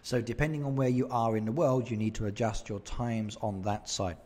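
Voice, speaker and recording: A man's voice: mid-range voice, steady tone, a little fast, a little mellow. A man chatting casually on a live game stream, answering viewer comments and laughing often into a desk microphone at home. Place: home streaming setup in Japan.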